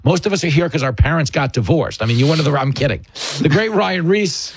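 A man hosting a radio talk show, chatting casually and joking in a quick, animated way. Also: a little high, a little hiss or hum. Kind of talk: casual comedic chat.

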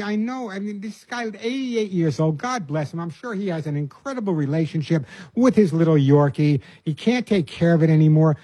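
Earnest older radio pet-advice host, dry mic. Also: male voice, sits high, mellow, husky, no room sound. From New York. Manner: earnest, folksy, repeats words when starting phrases.

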